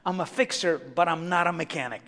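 A middle-aged man preaching a sermon as a chatty, animated story with many asides to the congregation. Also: on the high side, fairly quick. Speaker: pastor. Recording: long hall reverb.

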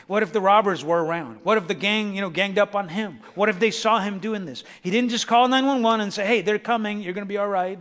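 Preacher guy, pretty high voice, gets loud then real quiet, asks the congregation stuff, big church echo. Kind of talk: sermon. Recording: long hall reverb.

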